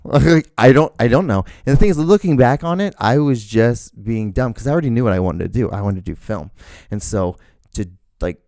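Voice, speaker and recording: A young man hosting his own show, telling rambling, animated stories with lots of fillers and casual swearing. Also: mid-range voice, brisk, no echo, studio quality. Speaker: podcast host. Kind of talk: casual storytelling monologue.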